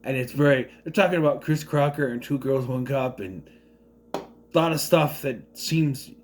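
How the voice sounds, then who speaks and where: A man's voice: mid-range voice, moderate pace, a little hiss or hum. A man from southern Minnesota giving a casual, rambling movie review with joking asides.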